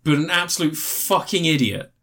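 A man's voice: fairly high pitch, moderate pace, a bit bright. A man hosting a casual film review podcast, retelling scenes animatedly with frequent laughter. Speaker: podcast host.

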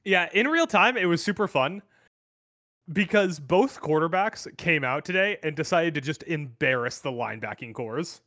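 A man's voice: on the high side, animated, moderate pace, pushed and bright, no room sound, studio quality. A man co-hosting a sports podcast, bantering and teasing his co-host in casual chat.

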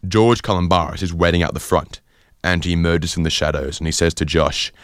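Deep-voiced male radio host. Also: a little fast, dry recording, clean studio sound. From Sydney, Australia. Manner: rambling, deadpan, full of fillers. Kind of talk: comedic casual radio chat.

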